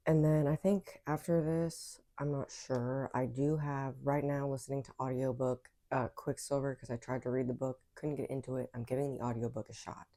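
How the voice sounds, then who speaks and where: A woman's voice: extremely low pitch, mellow. A woman chatting casually in a book vlog from her room at home, rambling with lots of fillers and asides, and bothered by hiccups. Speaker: book vlogger. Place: bedroom at home.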